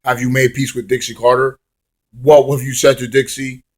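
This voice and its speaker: A man's voice: medium pitch, level tone, normal speed. A man casually reviewing a wrestling show in a rambling, swear-laced manner, drifting into hummed song bits.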